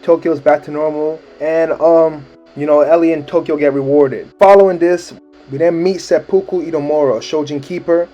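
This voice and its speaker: A man's voice: a little high, fairly even intonation, moderate pace, dark tone. A man casually recapping a manga chapter in laid-back slang, laughing often. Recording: dull lo-fi mic with faint music.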